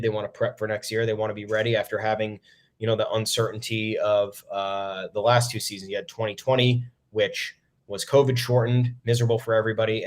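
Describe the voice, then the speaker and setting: A young man hosting a solo sports podcast, ranting bluntly with frequent swearing and many "um" fillers. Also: lowish voice. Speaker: podcast host.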